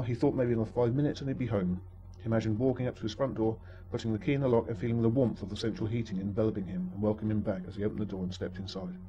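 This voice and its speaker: A man narrates a story with dry, wry humor at a quick clip. His voice is low and dark. The recording sounds dull and muffled.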